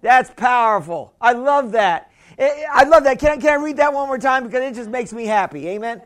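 A man's voice: very high-pitched, animated, a little fast, a bit bright. A man preaching a sermon in a chatty way, laughing often and calling out to the congregation. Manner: chatty, laughing, calls and responses. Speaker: pastor.

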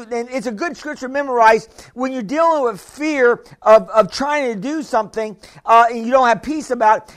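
Pastor, male, chatty sermon delivery with audience call-outs; extremely high voice. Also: moderate pace, hardly any pauses, fairly bright tone. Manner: chatty, laughing, calls and responses.

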